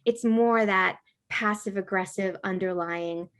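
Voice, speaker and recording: A middle-aged woman, a podcast guest, telling a school story in a casual, animated way, with lots of filler words. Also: medium pitch, measured pace.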